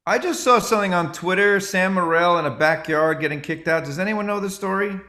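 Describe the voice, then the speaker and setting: A male comedian chatting casually and telling animated stories. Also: high-pitched, fairly quick. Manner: animated storytelling. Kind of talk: casual chat. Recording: roomy echo.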